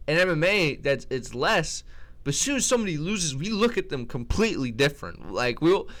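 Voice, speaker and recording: In a casual chat, an MMA commentator ranks fighters, offering blunt, slangy, opinionated takes full of trash talk. His voice is a little high and fairly bright, with big pitch swings, and he talks fairly quickly, often restarting his sentences.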